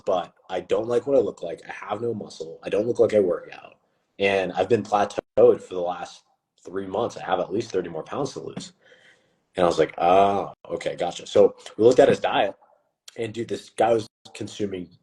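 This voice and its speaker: Deep-voiced young man telling a story. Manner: animated, acts out quotes with a rising voice. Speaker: fitness coach and host. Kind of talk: casual live-stream storytelling.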